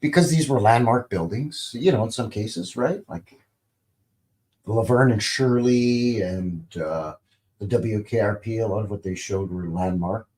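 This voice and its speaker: A man in his fifties talks through old clips in a loose, meandering live-stream style, with plenty of fillers. His voice sits fairly low and unhurried, and he tosses off wry little jokes as he goes. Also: a little mellow. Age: 50s. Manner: rambling, joking asides, many fillers. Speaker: channel host. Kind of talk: casual livestream commentary over TV clips.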